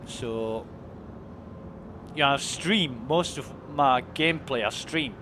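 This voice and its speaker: A man's voice: mid-range voice, slow pace, noisy background. A man chatting casually and enthusiastically while streaming a game, swearing freely. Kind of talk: casual chat while gaming.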